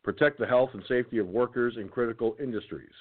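A tired man hosting an internet radio show, reading a document aloud haltingly with his own comments, stumbling and restarting words. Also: mid-range voice. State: tired, keeps yawning. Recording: tinny phone-like line.

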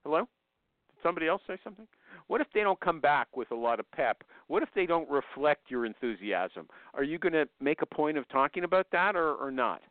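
A man's voice: fairly high pitch, very animated, fairly quick, no room sound. Man, talk-show host, probing questioner, dry tinny phone sound. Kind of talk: call-in radio talk.

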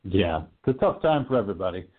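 A man's voice: lowish voice, big pitch swings, fast, slightly rough. A man hosting an online horror talk show, joking and swearing in casual banter. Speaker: podcast host. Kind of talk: casual chat. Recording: tinny phone-like online radio.

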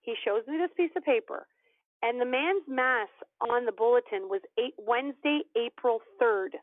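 A woman guest telling a personal story in an animated way, acting out the voices of the people in it. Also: a little high, normal speed, dry recording. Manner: animated storyteller, acts out quoted dialogue. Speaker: podcast guest. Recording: tinny phone-line audio, dry.

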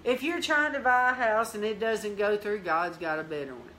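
A woman hosting a Christian teaching show, telling a lively testimony, acting out the dialogue and breaking into prayer and praise. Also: mid-range voice, moderate pace, a little hiss or hum. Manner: lively storyteller, acts out dialogue, bursts into praise.

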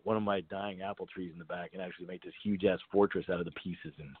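A man's voice: low-pitched, fairly even intonation, fast, slightly rough. A man chatting as a guest on a call, rambling with lots of fillers and restarts, now and then chuckling. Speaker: guest, inventor. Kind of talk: casual call-in chat. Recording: tinny phone line.

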